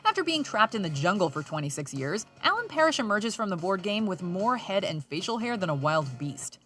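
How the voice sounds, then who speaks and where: A woman reading scripted narration for a countdown list, upbeat and expressive. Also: mid-range voice, fairly quick, music in the background.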